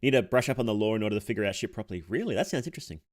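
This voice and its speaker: A young male VTuber chats casually with his viewers while playing a game. His pitch moves around a lot. He laughs often, reads messages aloud and trips over his sentences before restarting them. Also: lively intonation, racing. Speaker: VTuber streamer. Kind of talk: casual live-stream chat.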